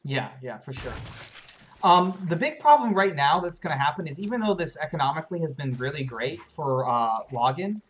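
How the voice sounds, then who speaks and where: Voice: mid-range voice, animated, moderate pace, slight background noise. An esports caster giving detailed play-by-play analysis of a strategy match on a live stream, explaining unit mechanics while tinkering with stream overlays.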